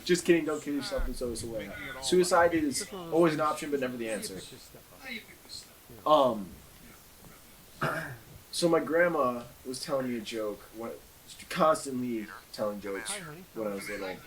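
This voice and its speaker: A man's voice: mid-range voice, normal speed, long pauses, recorded from a distance, a crowd in the background, low-quality recording. A man playing a video game who tells a long, rambling joke, circling back and restarting his sentences. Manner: meandering, full of fillers and restarts. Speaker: let's play gamer. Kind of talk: rambling joke-telling over gameplay.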